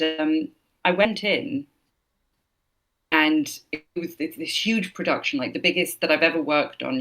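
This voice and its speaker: A woman voice actor, a guest in an interview, chatting casually and telling anecdotes with restarts. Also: sits low. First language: English. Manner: chatty storyteller, frequent restarts and laughs.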